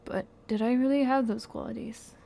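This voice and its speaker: A woman reading a game's story text aloud in an expressive, soft-spoken way. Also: fairly high pitch, a little fast, vocal fry. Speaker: game playthrough narrator.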